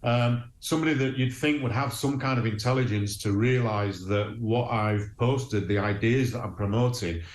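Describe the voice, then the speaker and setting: A man's voice: mid-range voice, moderate pace, hardly any pauses. A man from Huddersfield, a guest telling his story earnestly, with many ums and restarts. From Huddersfield, England. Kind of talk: remote interview. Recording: echoey room with faint noise.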